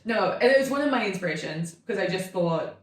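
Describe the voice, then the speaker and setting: A woman's voice: medium pitch, animated, a little fast, distant mic. A woman in her thirties tells a chatty, rambling story to a close friend and fills her talk with "like." She sits back from the mic. The room is very echoey. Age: 30s. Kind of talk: casual chat.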